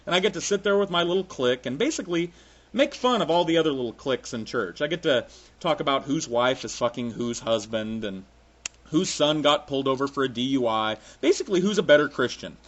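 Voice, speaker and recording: A man's voice: medium pitch, animated, brisk, fairly bright tone, dull audio. A man ranting sarcastically with frequent profanity, in a solo comic monologue. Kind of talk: sarcastic comic rant to camera.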